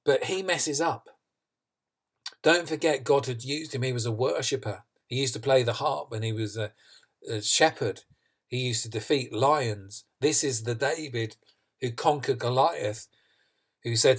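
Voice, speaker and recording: A man's voice: medium pitch, measured pace, slightly rough. Earnest male preacher, questions and answers. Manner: earnest, emphatic, asks and answers own questions. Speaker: pastor. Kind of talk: sermon.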